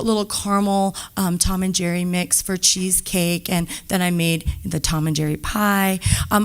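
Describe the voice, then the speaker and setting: Chatty woman telling stories. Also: mid-range voice. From Montana. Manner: chatty, animated storytelling with quoted voices. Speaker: diner owner on a panel. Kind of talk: panel talk to a live audience.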